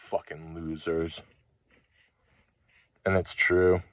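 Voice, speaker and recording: A man with a low, heavy voice rants through a rambling spiritual monologue, swearing angrily and stopping between phrases. The recording is dull and lo-fi, with no room sound. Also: steady tone, no room sound. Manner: angry, profane ranting with halting pauses. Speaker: channel host.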